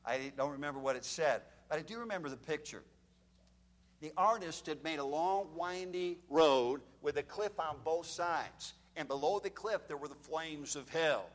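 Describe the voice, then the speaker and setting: A man's voice: on the high side, normal speed, long reverb tail. Man preaching a fiery sermon. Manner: dramatic storytelling, shouts out quoted screams. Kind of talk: fire-and-brimstone sermon.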